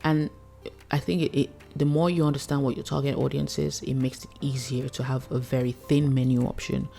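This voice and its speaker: A woman's voice: rumbling low, little pitch movement, fairly quick, vocal fry, dark tone, faint music behind. A woman chef coaching food business owners in a chatty, casual way, laughing often and acting out her customers. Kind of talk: casual teaching talk.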